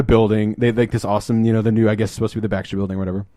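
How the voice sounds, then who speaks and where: Podcast host, male, lowish pitch, rambling storyteller who acts out quotes, dry close sound. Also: flat delivery, rapid-fire, mellow, dry recording. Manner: rambling retelling, acts out quotes in shifting voices. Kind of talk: casual chat.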